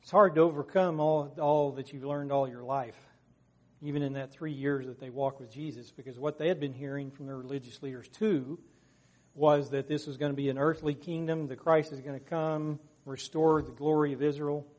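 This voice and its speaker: A man's voice: on the high side, fairly even intonation, moderate pace, muffled recording. A man leading a Bible study discussion, talking earnestly and raising his voice to act out quoted lines. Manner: earnest, acts out quotes with raised voice. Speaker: discussion leader.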